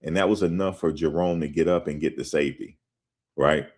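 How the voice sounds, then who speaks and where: A man with a very deep voice tells a story in a loose, conversational way. He talks straight to his listeners and gets animated as he goes, like a host chatting to his audience. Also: brisk. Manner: animated, conversational, addresses listeners directly as "guys". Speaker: show host. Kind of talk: casual spoken storytelling and commentary.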